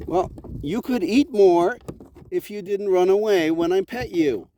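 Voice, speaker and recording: A man's voice: high voice, a little slow, mellow. A man running a farm vlog outdoors, playfully scolding his goats in a teasing sing-song. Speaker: farm vlogger. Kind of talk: casual talk to camera and animals. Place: outdoors on a farm by a goat pen. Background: faint wind and goat bleats.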